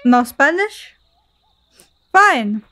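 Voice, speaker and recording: A woman's voice: high voice, very animated, drawn-out words, bright, forceful tone. A woman giving casual let's-play commentary, swearing and venting in an exasperated, mock-dramatic way. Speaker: gameplay streamer.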